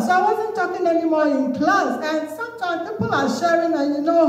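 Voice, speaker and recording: A woman's voice: sits high, animated, moderate pace, darkish tone. A woman from Ghana with a Ghanaian English accent, preaching a sermon and calling out Amens and Hallelujahs. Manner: exhorting, call-and-response with Amens and Hallelujahs. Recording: very echoey room, voice from far off.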